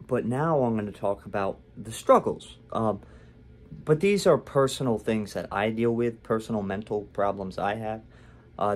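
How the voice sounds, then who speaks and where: A man's voice: lowish voice, darkish tone. Candid rambling young man vlogging. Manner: rambling and candid, with many fillers and restarts. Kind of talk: casual personal vlog.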